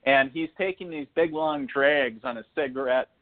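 A man, a spiritual medium, telling funny stories on a talk show in a lively, laughing way. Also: medium pitch, normal speed. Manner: animated, laughing anecdotes with acted-out quotes. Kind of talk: casual storytelling on a call-in show. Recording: phone-line audio.

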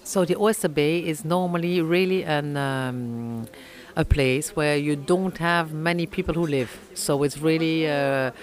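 A middle-aged woman with a French accent speaks English carefully, stopping often for fillers and restarting her phrases. She answers interview questions about her oyster business in an unhurried, searching way. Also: sits low, fairly even intonation. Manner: halting, many fillers and restarts. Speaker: oyster farm owner.

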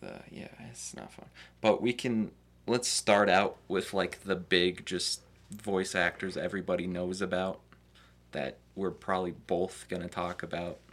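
A man co-hosting a podcast, talking in a measured, thoughtful way with some hedging. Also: deep voice, fairly even intonation, fairly bright tone. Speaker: podcast co-host. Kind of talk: casual chat.

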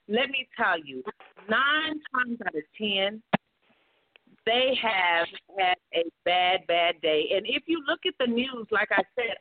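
A woman's voice: mid-range voice, dry recording, narrow, tinny audio. A woman hosting a call-in show, giving earnest, encouraging advice with preacher-like repetition. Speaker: radio talk show host, life coach.

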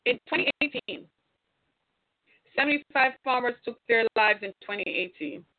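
A woman's voice: a little high, moderate pace, no room sound. A woman delivering an impassioned monologue straight to viewers, preachy and exhorting, full of rhetorical questions. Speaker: commentator. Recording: tinny phone-like sound.

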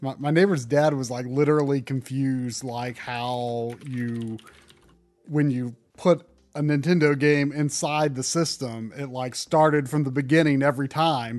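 A man's voice: mid-range voice, steady tone, a little slow, a little mellow. A man chatting on a stream, stammering and repeating words as he tells a story. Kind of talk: casual stream chat.

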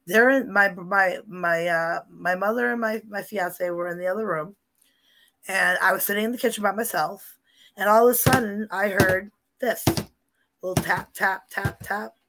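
A woman's voice: mid-range voice, normal speed, slight background noise. A woman talks casually about the paranormal, winding through her stories and repeating herself as she builds them up. Her voice sits in the middle of the range. She sounds like an eager storyteller. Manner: animated, repetitive storyteller.

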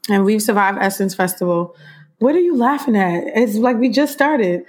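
A woman's voice: mid-range voice, expressive, normal speed, darkish tone. Chatty woman podcast host. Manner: conversational, calls listeners "you guys" and "y'all". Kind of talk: casual chat.

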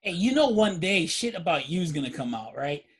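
A man's voice: high-pitched, very animated, a little fast, a bit bright, slight background noise. A man from Puerto Rico co-hosting a casual podcast, telling a wry anecdote and teasing the others. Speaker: podcast co-host.

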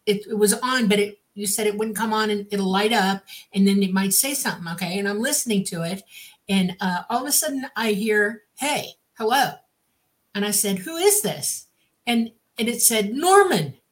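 Female co-host, animated storyteller, keeps asking "okay?", mid pitch. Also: a little fast. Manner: lively, animated retelling, says "okay?" often. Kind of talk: casual storytelling on a talk show.

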